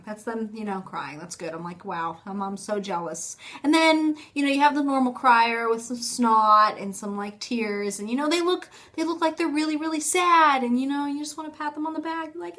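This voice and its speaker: A woman's voice: high voice, a bit bright. A young woman talking casually to her phone camera in a rambling, self-mocking vlog, full of fillers. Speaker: vlogger.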